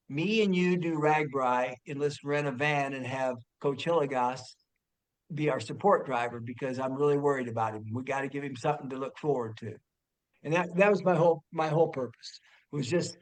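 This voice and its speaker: A man telling a personal story among family and friends, animated and laughing, with stumbling restarts and bursts of shouting. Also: a little high. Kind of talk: casual storytelling.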